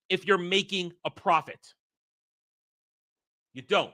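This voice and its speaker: A man with a very bright, cutting voice, pitched a little high, hosts a reaction rant. He reads an article aloud, then fires back with heated, profane rebuttals and repeats his points for emphasis. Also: lively intonation, unhurried. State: hiccups. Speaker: host and commentator.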